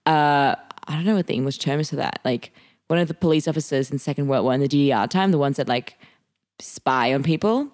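A young woman from Germany co-hosting a podcast, telling stories in casual chat and acting out quotes with big pitch jumps. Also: a little fast, darkish tone. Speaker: podcast co-host.

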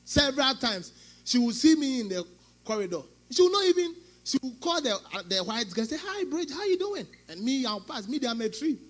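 High-voiced preaching pastor, man. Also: animated, a little fast. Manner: preaching with sudden loud outbursts and acted quotes. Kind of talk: sermon.

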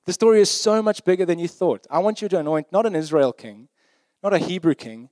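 A man's voice: high-pitched, fairly quick, a little mellow, dry recording. Conversational male preacher, dry sound. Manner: conversational and emphatic, often checking in with "right?". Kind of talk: sermon.

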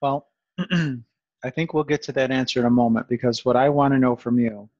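A man's voice: mid-range voice, steady tone, a little fast, a little mellow, no room sound, highs cut off. A man hosting a conversational interview, rambling and self-aware with sarcastic asides. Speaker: podcast host.

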